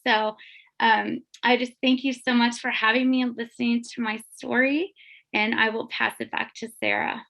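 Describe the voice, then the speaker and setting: A woman's voice: fairly high pitch, little pitch movement, moderate pace, gravelly, sharp tone. A woman giving an earnest, emotional testimony on a group call. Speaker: guest sharing testimony. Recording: dull lo-fi call audio.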